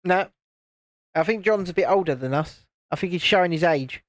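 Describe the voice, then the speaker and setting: A man's voice: high voice, moderate pace, dry recording. A man from the UK hosting a casual livestream, chatting and reading out viewer comments while he builds a model. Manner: chatty, reads out viewer comments, chuckles often. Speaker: livestream host.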